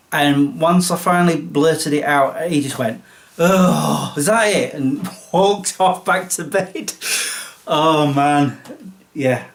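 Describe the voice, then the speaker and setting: Man telling stories. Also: medium pitch. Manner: reminiscing, chuckles while telling anecdotes. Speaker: vlogger. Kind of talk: casual storytelling monologue.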